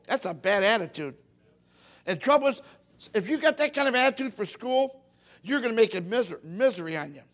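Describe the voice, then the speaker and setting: A middle-aged preacher with a high voice for a man. He preaches in a folksy, animated way, acting out the voices of the people he talks about. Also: brisk. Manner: folksy, animated, acts out quotes. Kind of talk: sermon.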